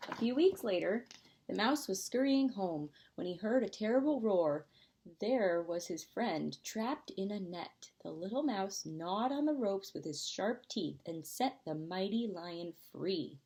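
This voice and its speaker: A woman, a preschool teacher, reading a picture book aloud in a gentle storytime voice. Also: medium pitch, lively intonation, measured pace.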